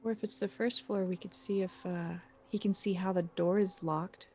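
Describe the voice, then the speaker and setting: A woman's voice: medium pitch, steady tone, moderate pace, a little mellow, slightly rough. A woman player in a tabletop game who talks bluntly and jokes around. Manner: joking, blunt. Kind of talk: casual game talk.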